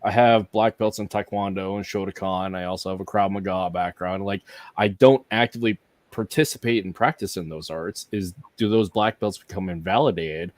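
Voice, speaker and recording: Man in his forties with a low-pitched voice, recorded dry and close. He hosts the chat, listens with short backchannels and asks measured questions. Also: steady tone, no room sound. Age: 40s. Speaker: podcast host. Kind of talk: casual chat.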